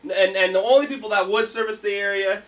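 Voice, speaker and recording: A man's voice: sits high, quick pace, fairly bright tone, far from the mic. A man hosting a casual livestream, ranting in a hyped, profane way. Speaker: livestream host.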